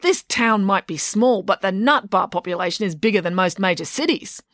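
A woman voicing a feisty, outspoken girl who speaks loudly and indignantly. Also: medium pitch, animated, normal speed, no room sound, studio quality, lightly acted. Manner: loud, indignant, sharp-tongued.

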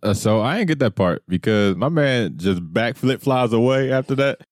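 Lively joking man on a podcast. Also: mid-range voice, normal speed, no room sound, clean studio sound. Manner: joking, riffs by acting out scenes. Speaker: podcast co-host. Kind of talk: casual movie-recap chat.

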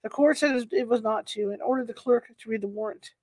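A woman's voice: fairly high pitch, fairly quick, a little mellow, no echo. Woman narrator reading history aloud, unrehearsed, catches on hard words, dead dry sound. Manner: unpolished reading, stumbles over words and corrects herself.

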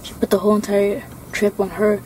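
A woman's voice: medium pitch, monotone, a little fast, a little mellow, a little hiss or hum, poor audio. A young woman chatting casually, rambling with lots of fillers and laughs. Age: young adult. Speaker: co-host. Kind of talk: casual chat.

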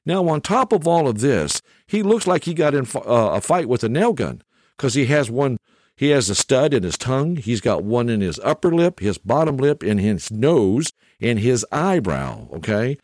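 Folksy middle-aged man, animated dry delivery. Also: mid-range voice, normal speed, no room sound. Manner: rambling, folksy, peppers lines with "okay?". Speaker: storyteller. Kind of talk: casual anecdote monologue.

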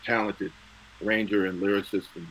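Forceful husky man, guest telling stories. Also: fairly low pitch, little pitch movement, a little fast, poor audio. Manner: emotional, laughing, repeats words. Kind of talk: casual storytelling chat.

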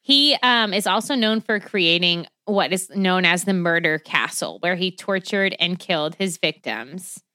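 A woman co-hosting a casual true crime podcast, telling the story with lots of swearing, laughter and quick tangents. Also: lowish voice, expressive, pushed and bright, no echo, clean studio sound.

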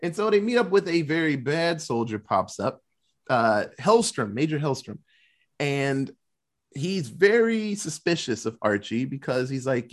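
Male podcast host, loose rambling recap delivery, average pitch, filler-heavy. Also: very animated, a little slow. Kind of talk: casual movie recap chat.

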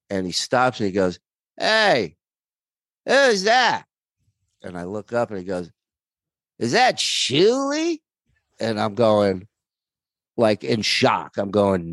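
Man, comedian guest, very low voice, dry close sound, rambling and animated. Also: no echo. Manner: rambling, animated, many fillers. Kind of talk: casual storytelling.

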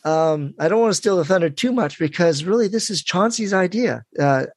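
A gracious man speaks as a podcast guest, polite and quick to laugh. His voice runs somewhat high and has a gravelly, fry-laced edge, recorded very close and dry. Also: expressive, no room sound. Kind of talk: casual interview talk.

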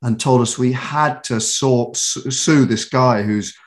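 A man's voice: mid-range voice, slow. A British man from England, a voice actor and author, telling stories in a casual interview with many restarts and laughs.

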